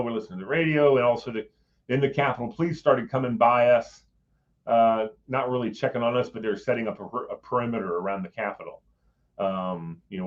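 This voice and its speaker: A guest, middle-aged and male, relates a personal anecdote in easygoing conversation using a mid-range voice. He's animated, voicing the people in the story and breaking into chuckles mid-sentence, all on a muffled recording.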